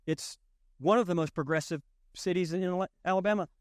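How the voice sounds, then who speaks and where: A man with a Southern drawl preaches in a loose, conversational way, cracking jokes and hammering his points home through repetition. His voice sits high for a man. The sound is dry and close, with no room echo. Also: fairly quick. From Southern United States. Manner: folksy, joking, emphatic repetition. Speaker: pastor. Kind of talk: conversational sermon.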